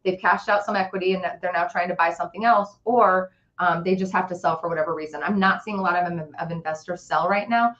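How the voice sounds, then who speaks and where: A woman's voice: lowish voice, fairly even intonation, quick pace, few pauses, a bit bright, highs cut off. A woman hosting a casual live real estate chat, blunt and jokey, reading out viewer questions. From Las Vegas area. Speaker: real estate agent, show host.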